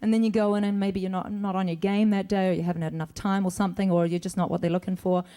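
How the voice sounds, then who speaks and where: A middle-aged woman on a convention stage answers fan questions before an audience, chatty and rambling and laughing often. Her voice is medium-pitched, level, mellow, clear, and resonant, and she talks fast in this casual Q&A.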